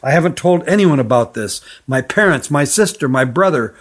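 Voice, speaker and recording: Brief: a man as a scared, urgent youth, hushed and pressing, fairly high voice. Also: animated, normal speed. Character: frightened, urgent older boy on the run. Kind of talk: storybook reading.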